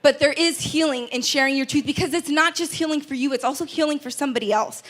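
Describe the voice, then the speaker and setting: Woman, high voice, heartfelt personal speech, earnest, stumbling restarts, event stage. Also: fast. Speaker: keynote speaker. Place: event stage before an audience.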